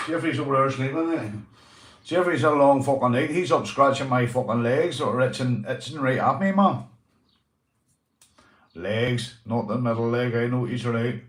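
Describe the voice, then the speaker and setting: Chatty Northern Irish man, echoey room. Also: mid-range voice. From Northern Ireland. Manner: loose and chatty, swearing, calls viewers "mate". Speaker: livestream host. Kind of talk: casual livestream chat reading comments.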